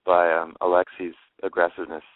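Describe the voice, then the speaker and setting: A man's voice: low voice, monotone, fairly quick, dry recording. A man co-hosting a casual call-in show, laid-back and wry. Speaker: radio co-host, musician. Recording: phone-like narrow band, dry.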